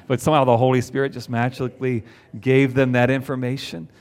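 A man's voice: mid-range voice, little pitch movement, brisk, darkish tone. A man preaching a sermon to a congregation, conversational, with rhetorical questions. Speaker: pastor. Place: church before a congregation.

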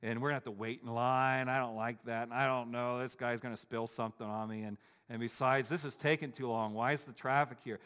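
A man's voice: medium pitch, little pitch movement, brisk, hardly any pauses, a bit bright, clean tone, in a large hall, voice pushed down, natural voice. A man voicing a grumbling adult churchgoer who complains about everything in a whiny, muttering way.

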